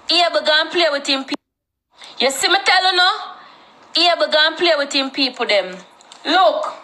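A woman's voice: high-pitched, sharp tone. Jamaican woman rambling on a livestream. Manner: rambling, repetitive, Patois-mixed talk. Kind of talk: casual livestream chat.

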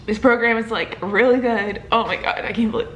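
Young woman vlogging to her phone, kinda high voice, gushy and excited, lots of "like", faint hiss behind. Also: a little fast, muffled recording. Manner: excited and emotional, many fillers like "like" and "oh my God". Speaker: vlogger, medical student. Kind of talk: casual vlog to camera.

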